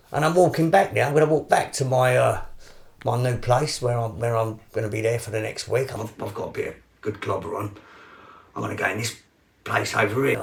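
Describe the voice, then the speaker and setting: Gravelly English man telling stories. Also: medium pitch. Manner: animated anecdote-telling with frequent repeats and restarts. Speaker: podcast guest, boxer. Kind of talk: casual storytelling.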